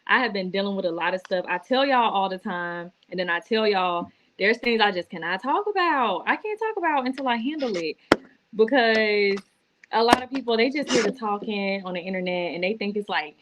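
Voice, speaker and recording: A woman's voice: medium pitch, animated, fairly quick, fairly bright tone, a little hiss or hum. A woman talking casually to her viewers on a live stream from her laptop, teary and emotional as she gives a faith testimony. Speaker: vlogger going live. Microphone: laptop or phone.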